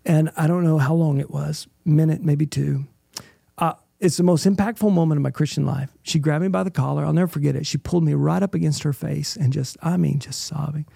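A middle-aged man tells a deeply personal story with a heavy gravelly rasp and a husky edge to his slightly high voice. His tone is dark and earnest, and he keeps checking in with the listener. The sound is close and dry, with no room around it. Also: steady tone, a little fast, dry recording. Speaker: interview guest.

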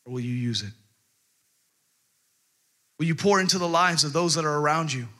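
A man preaching a sermon, retelling a story in a lively, conversational way with casual fillers. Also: fairly high pitch, moderate pace.

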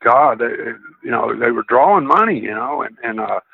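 A gravelly, husky-voiced man with a drawl tells his stories in a loose, rambling way, often doubling back mid-thought. He comes through a thin, tinny phone line. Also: mid-range voice, expressive, normal speed, no echo. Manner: rambling, circling back on himself. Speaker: guest, former wrestler. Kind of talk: casual interview storytelling.

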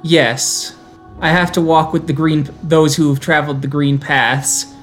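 A man's voice: on the high side, little pitch movement, a little slow, fairly bright tone, faint music behind. A man voicing a hardened young South American teen who speaks formally and cryptically, with a thick Spanish accent. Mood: calm.

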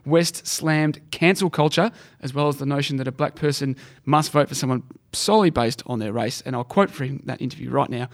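Fast-talking Australian man on a podcast. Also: medium pitch. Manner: brisk, emphatic, with dry asides. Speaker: podcast co-host. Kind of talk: casual chat.

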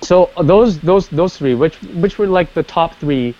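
A man telling personal stories in casual conversation, animated, with many restarts and acted-out quotes. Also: a little high, measured pace. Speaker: guest. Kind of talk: casual storytelling. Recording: dull lo-fi sound.

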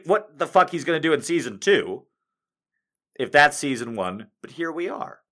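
Animated, bright-voiced exasperated male comedian. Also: fairly high pitch. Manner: exasperated, profane, mocking impressions. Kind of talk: stand-up rant.

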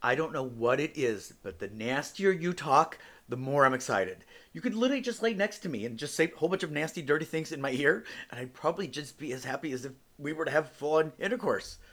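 A man's voice: fairly high pitch, animated, fast talker, few pauses, a bit bright. Blunt, profane man hosting a podcast. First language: not English. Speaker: podcast host. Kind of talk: solo podcast monologue.

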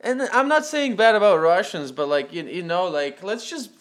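A man's voice: sits high, lively intonation, moderate pace, fairly bright tone. A man from Ukraine, chatting casually and animatedly, swearing and using lots of fillers. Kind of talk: casual podcast chat.

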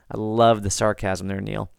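An American man hosting a podcast, reading listener comments and chatting in a relaxed, rambling way with frequent restarts. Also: on the low side, creaky, clear, resonant tone, no room sound, clean studio sound. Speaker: podcast host.

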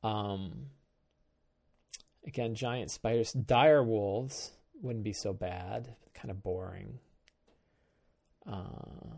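Male host, fairly low voice, unhurried; halting, musing solo prep talk. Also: animated, creaky, darkish tone. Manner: musing, halting, trails off and restarts. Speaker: host of a game-prep show. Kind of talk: thinking aloud while prepping a tabletop game.

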